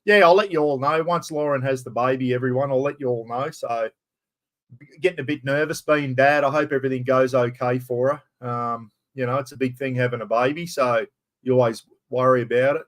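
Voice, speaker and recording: Middle-aged Australian bloke hosting a casual live stream, rambling and chatty, greeting viewers by name, in a middle-of-the-road pitch. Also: male voice, fairly even intonation, brisk, fairly bright tone. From far north Queensland, Australia.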